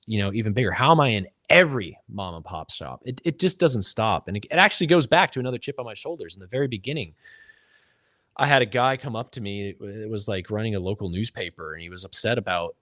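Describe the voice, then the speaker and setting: Deep-voiced driven Texan man. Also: lively intonation, quick pace, fairly bright tone, dry recording, studio quality. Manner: driven, rambling, emphatic. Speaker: podcast guest, hunting media founder. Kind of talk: casual podcast conversation.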